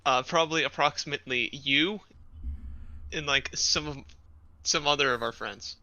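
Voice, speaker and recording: A man's voice: fairly high pitch, moderate pace, pushed and bright, low-quality recording. A young man from the United States co-hosting a podcast, making dry, offhand remarks in casual chat. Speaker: podcast co-host.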